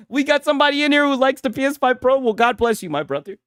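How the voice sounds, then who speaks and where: Brief: male streamer, profane, mocking reaction talk, animated swings in pitch, dry close sound. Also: moderate pace, smooth, no echo. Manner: profane, mocking, keeps asking "right?". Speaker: gaming commentary streamer. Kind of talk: casual reaction commentary.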